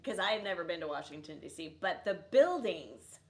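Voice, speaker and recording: A middle-aged woman co-hosting a live stream, telling stories with animated exclamations. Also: on the low side, brisk. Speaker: co-host. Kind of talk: casual chat on a live stream.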